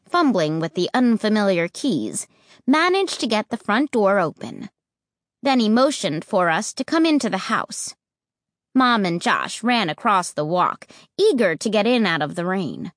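A woman's voice: medium pitch, dry recording, clean studio sound. A woman narrating a storybook and voicing its characters' lines. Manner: lively, acts out the characters' lines. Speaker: audiobook narrator.

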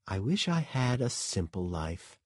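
A man reading an audiobook, voicing a calm, eerie male killer who speaks softly and slowly. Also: on the low side, breathy edge, no room sound, studio quality, heavily acted. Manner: soft, slow, unsettlingly calm.

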